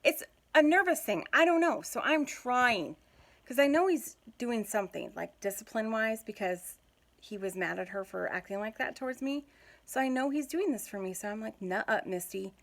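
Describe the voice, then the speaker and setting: Chatty mom with a gravelly voice. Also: female voice, on the high side, moderate pace. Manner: chatty, giggly, animated storytelling. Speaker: mom vlogger. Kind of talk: casual storytelling vlog.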